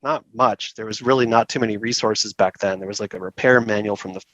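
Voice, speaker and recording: A middle-aged man talks through a long story in a casual interview, easygoing and chatty, laughing often and acting out the people he quotes. His voice sits on the low side. The sound is dry and close, with no room around it. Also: steady tone, fairly quick, a bit bright, no room sound, muffled recording. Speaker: saxophone repair technician, guest.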